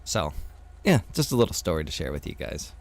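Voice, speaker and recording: A man's voice: rumbling low, sing-song, brisk, vocal fry. A man talking casually to his stream viewers, venting and swearing while he tells a frustrated story. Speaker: streamer and server owner.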